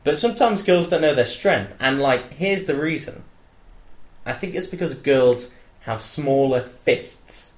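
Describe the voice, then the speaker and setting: A young man co-hosting a casual comedic chat, rambling and jokey, now and then bursting into loud mock shouts. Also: on the high side, animated, a little slow. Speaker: co-host. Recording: echoey room.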